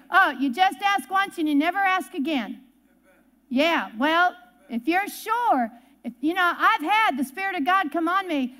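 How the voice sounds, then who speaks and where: A woman's voice: very high-pitched, fairly bright tone. A woman preacher delivering a sermon at a church service, emphatic and folksy, telling stories and repeating key words for weight.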